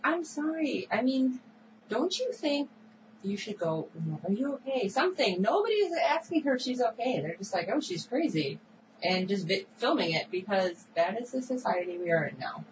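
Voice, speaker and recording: A woman co-hosting a podcast, recapping a TV episode in a chatty, animated way full of filler words. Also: fairly high pitch, normal speed, background noise. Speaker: podcast co-host. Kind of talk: casual chat recapping a TV episode.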